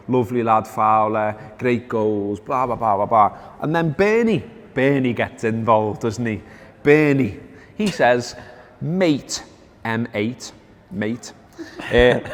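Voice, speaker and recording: A podcast host with a fairly low voice leads a casual football chat in a large hall. He tells stories wryly, reads out quotes, and uses lots of fillers.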